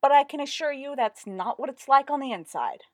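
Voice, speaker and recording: A woman's voice: a little high, very animated, measured pace, dry recording, clean studio sound, voice pushed up. A woman voicing a petulant, sulky young male theatre artist who whines in a story reading. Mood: sullen. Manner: whiny, sulky.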